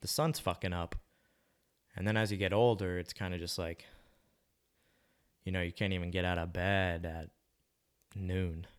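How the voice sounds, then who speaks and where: Very deep-voiced laid-back young man. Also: flat delivery, normal speed, pauses often. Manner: laid-back, slangy, swearing, musing aloud. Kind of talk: casual rambling monologue.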